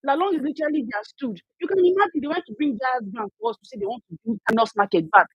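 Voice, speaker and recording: Young Nigerian woman, angry and emotional, high voice, dry lo-fi online audio. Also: big pitch swings, fast, dry recording. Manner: emotional, angry, with many restarts. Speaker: speaker in an online audio discussion. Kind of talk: impassioned discussion.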